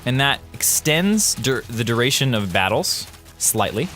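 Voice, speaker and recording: Brief: male game developer, casual commentary over footage, excitable exclamations, faint music bed. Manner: animated, quick exclamations and jumps in pitch.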